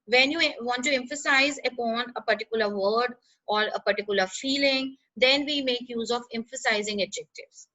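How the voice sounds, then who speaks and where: Bright-voiced woman teaching grammar. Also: on the high side, moderate pace, muffled recording. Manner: explanatory, with frequent "uh" and "right?" checks. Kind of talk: grammar lesson.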